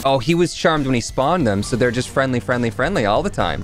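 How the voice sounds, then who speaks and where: Man, let's play host, mid-pitched, excitable chatter with yelps, faint music behind. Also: brisk, few pauses. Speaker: gaming channel host.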